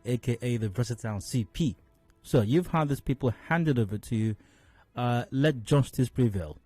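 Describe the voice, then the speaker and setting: A man with a Nigerian accent giving radio commentary as a talk show host, measured and full of fillers and restarts. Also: mid-range voice, dark tone, no echo. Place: radio studio.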